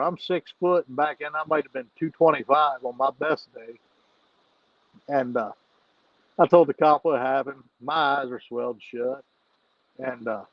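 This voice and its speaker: On a dull recording with no room sound, a fairly high-voiced man guests on a podcast and spins a rowdy yarn. He laughs a lot and swears without restraint in this casual storytelling.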